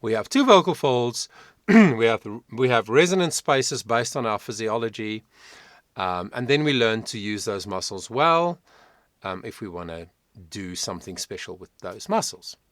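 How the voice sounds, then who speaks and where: Male vocal coach, animated pitch, emphatic, reflective, dry close sound. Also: normal speed, no echo. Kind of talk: reaction video commentary.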